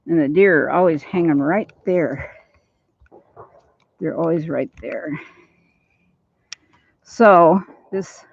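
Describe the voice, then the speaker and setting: Slow, gravelly older woman rambling at home. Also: on the low side. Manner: rambling, laughs easily, slow and chatty. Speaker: vlogger. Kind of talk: casual chat. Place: at home, then out in the yard. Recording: dull lo-fi phone audio.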